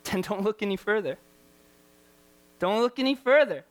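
A man's voice: high voice, lively intonation, moderate pace. A man preaching a sermon as a youth pastor, impassioned and repetitive, firing rhetorical questions at his listeners.

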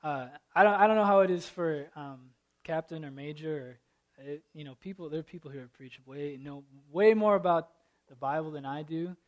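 A man in his thirties who prays and then opens a sermon, earnest and halting, with many fillers and a self-deprecating humor. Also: fairly high pitch. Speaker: preacher. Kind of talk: prayer and sermon opening.

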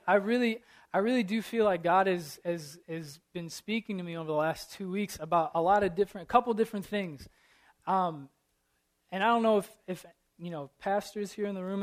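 A man in his thirties who prays and then opens a sermon, earnest and halting, with many fillers and a self-deprecating humor. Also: high voice. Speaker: preacher. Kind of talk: prayer and sermon opening.

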